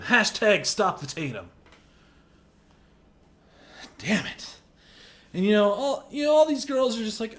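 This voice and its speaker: A man ranting indignantly in a movie review video, exaggerated, and shouting at times. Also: sits high, expressive, normal speed.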